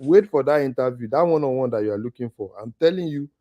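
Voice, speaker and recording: A man's voice: mid-range voice, expressive, quick pace, no echo, lo-fi sound. Confident man moderating. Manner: confident, predicting. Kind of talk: online political discussion.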